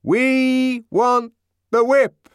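A man voicing a frenzied crowd, chanting in a slow, heavy, insistent rhythm. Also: extremely high pitch, animated, no echo, studio quality, pitched above the performer's own voice, heavily acted. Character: chanting frenzied mob of sightseers.

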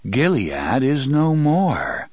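A playful yet menacing talking machine, voiced by a man, booms from everywhere in a slow, unhurried drawl. The voice is husky and low. The audiobook sound is dry and close. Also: sing-song, dry recording, exaggerated voice. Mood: leisurely. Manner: slow leisurely drawl, booming. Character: playful, sinister talking monorail machine, male.

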